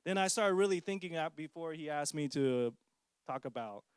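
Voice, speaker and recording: A man's voice: a little high, lively intonation, moderate pace, clear, resonant tone, no room sound, studio quality. Joking, self-mocking man telling his story. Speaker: parent sharing testimony. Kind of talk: personal testimony talk.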